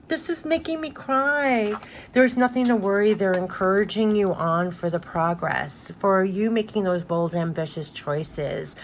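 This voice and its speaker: A woman with a somewhat low voice gives a spiritual card reading. Her delivery is loose and rambling, full of restarts. She comes back again and again to the same reassuring lines and stresses them each time. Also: slight background noise. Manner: repetitive, emphatic and reassuring. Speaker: tarot card reader.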